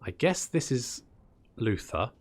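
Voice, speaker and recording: A gaming channel host with a mid-range voice and big pitch swings takes it slowly in a casual strategy game let's-play. He chats and mutters to himself while playing, calling his units "buddy."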